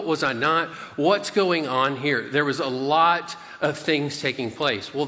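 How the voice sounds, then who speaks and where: Male pastor telling a story in his sermon, bright sharp voice, lots of "okay?", big echoey hall. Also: a little high. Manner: animated storyteller, frequent "okay?" check-ins.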